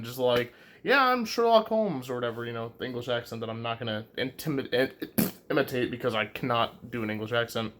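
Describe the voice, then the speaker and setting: A man's voice: mid-range voice, fairly bright tone. A man talking casually into the camera as a YouTube reviewer, rambling with lots of fillers and restarts as he corrects himself. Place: his bedroom.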